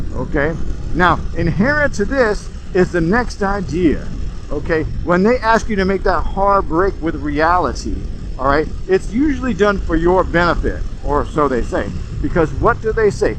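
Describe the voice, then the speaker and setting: Animated sarcastic man in a moving car. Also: sits high, poor audio. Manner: sarcastic, animated, gets worked up. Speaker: host. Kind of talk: casual comedic monologue. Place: in a car while driving. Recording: road noise from a moving car.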